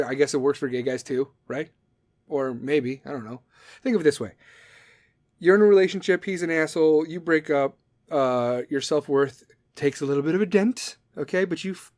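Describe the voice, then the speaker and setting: A man in his thirties hosting a podcast, talking in a blunt, profane, rambling monologue that drifts off on tangents. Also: a little high. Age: 30s. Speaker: podcast host.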